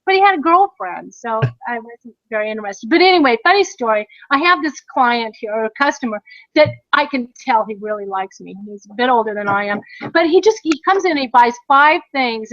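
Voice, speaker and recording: A woman's voice: high voice, a bit bright, no echo. A middle-aged American woman co-hosting a podcast, telling a story in a chatty way with frequent laughs. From United States. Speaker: podcast co-host. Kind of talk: casual chat. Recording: dry, dull lo-fi sound.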